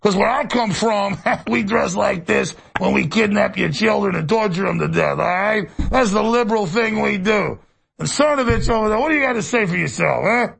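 A man's voice: sits high, animated, moderate pace, full character voice. A man playing a menacing male killer clown with a Brooklyn accent, in a taunting, ranting comedy sketch. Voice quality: gravelly, husky. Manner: taunting, shouting rants, cackling.

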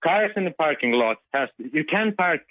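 Excited male caller on a tinny phone line. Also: a little high, no echo. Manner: excited, shaken, halting.

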